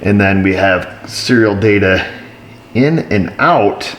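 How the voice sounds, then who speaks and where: A man's voice: lowish voice, lively intonation, slow, slight background noise. A man working as an auto repair technician, narrating casually while he diagnoses a truck and tossing dry, joking asides to viewers. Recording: roomy shop echo.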